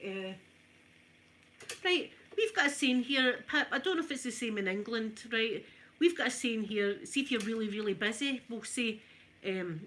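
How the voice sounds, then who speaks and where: A Scottish woman chatting casually to her live viewers while ironing, in a soft, emotional, friendly way. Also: on the high side, slight background noise. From Scotland. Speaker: ASMR streamer.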